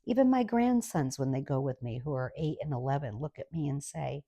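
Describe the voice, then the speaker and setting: Low gravelly woman ranting sarcastically. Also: animated, fairly quick, few pauses, warm tone, no echo, clean studio sound. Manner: exasperated, sarcastic. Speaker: comic storyteller. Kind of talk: comic rant monologue.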